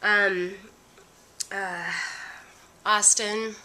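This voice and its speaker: A middle-aged woman vlogging casually about her family and ministry, rambling with many pauses and fillers. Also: mid-range voice, fairly even intonation, sharp tone. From USA. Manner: rambling, lots of ums, gets emotional. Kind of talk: casual heartfelt talk to camera.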